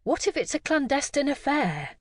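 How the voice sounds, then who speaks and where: A woman voicing a sensible, cautious middle-aged amateur sleuth with a measured way of talking. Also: high-pitched, very animated, dry recording, clean studio sound, pitched above the performer's own voice.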